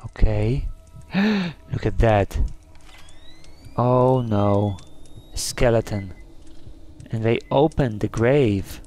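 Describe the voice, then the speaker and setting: A gaming channel host does let's play commentary on a scary game, jumpy and easily spooked, gasping and crying "oh no." His fairly low voice has a dark tone, and he talks slowly with frequent pauses.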